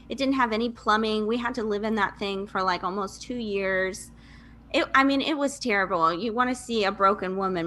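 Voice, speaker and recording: A woman's voice: mid-range voice, pushed and bright, a little hiss or hum. A woman in her thirties from Michigan, a podcast guest telling her life story in a chatty way, laughing often and saying "like" a lot. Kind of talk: casual interview storytelling.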